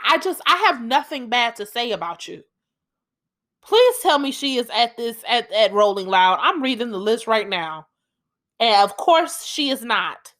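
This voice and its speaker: A young woman holds forth on her solo podcast, heated and emphatic, swearing freely. Her voice is bright and forceful and sits somewhat high. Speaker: podcast host.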